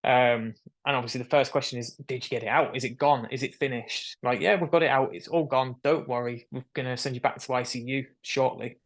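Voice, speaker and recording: A man's voice: medium pitch, brisk. Young man telling a story. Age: young adult. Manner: animated storyteller who acts out quoted voices. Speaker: guest. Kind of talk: casual storytelling interview. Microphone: video call.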